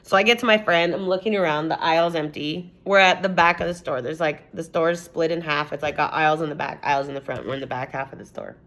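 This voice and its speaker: A woman's voice: low voice, steady tone, quick pace, few pauses, fairly bright tone. A young woman vlogger telling a personal story in a rambling, casual way, swearing often and saying "like" a lot.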